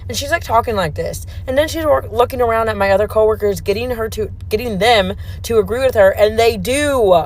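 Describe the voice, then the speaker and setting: A woman's voice: medium pitch, fast, low-quality recording. A woman casually retelling a workplace story and acting out the dialogue. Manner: animated retelling, acts out dialogue. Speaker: social media storyteller.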